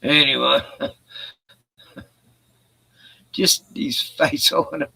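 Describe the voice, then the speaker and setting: A man chatting on a stream, laid-back and quick to swear and laugh. His voice is gravelly and very bright, a little high, and he drawls along slowly. The sound is close and dry. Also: no room sound, poor audio. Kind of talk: casual chat.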